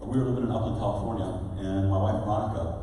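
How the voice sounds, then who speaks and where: A middle-aged man giving a motivational seminar speech, energetic and firing rhetorical questions at the crowd. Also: lowish voice, fast talker, slight background noise. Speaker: real estate seminar speaker. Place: large event hall. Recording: echoey hall recording from far off.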